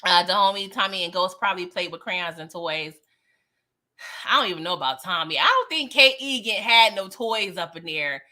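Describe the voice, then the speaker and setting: A woman hosts a live TV episode recap in a fairly low, bright and forceful voice, animated and at a moderate pace. She keeps it chatty and slangy, stresses her points, laughs frequently, and keeps asking "okay?".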